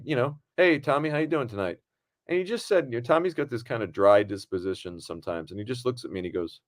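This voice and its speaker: Animated man telling stories on a podcast. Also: medium pitch. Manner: animated storyteller, acts out quotes. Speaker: podcast host and film director. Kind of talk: casual podcast chat.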